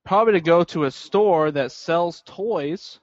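A man's voice: on the high side, a little slow, dry recording, highs cut off. Hesitant man with a dry close sound. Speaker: podcast co-host. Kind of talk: casual toy collector chat.

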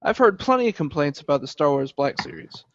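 A man chatting casually and pushing back with quick skeptical questions. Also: on the high side, very animated, a little hiss or hum. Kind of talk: casual chat. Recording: dry, dull lo-fi sound.

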